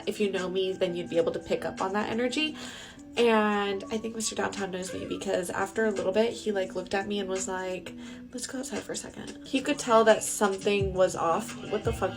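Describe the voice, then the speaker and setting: A woman telling a casual storytime while doing her makeup, chatty and full of fillers, swearing casually. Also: medium pitch. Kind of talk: casual get-ready-with-me storytime. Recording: music playing behind the voice.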